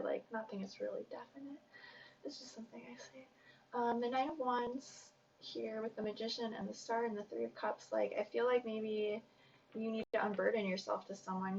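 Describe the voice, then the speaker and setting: Woman tarot reader, gravelly, rambling and chatty, recorded dull from a distance. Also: medium pitch, slight background noise. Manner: rambling, chatty, self-conscious. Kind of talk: casual tarot reading.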